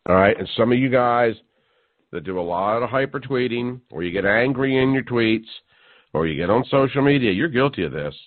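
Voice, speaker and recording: A man's voice: mid-range voice, lively intonation, a little fast, no room sound. A male radio talk show host delivering a sarcastic, mocking monologue that builds to incredulous outbursts. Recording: tinny phone-like dry sound.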